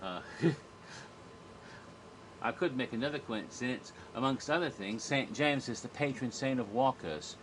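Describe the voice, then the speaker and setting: A man's voice: mid-range voice, expressive, measured pace, a little hiss or hum. A man vlogging in a casual, rambling monologue, digressive, chuckling at his own jokes with many fillers.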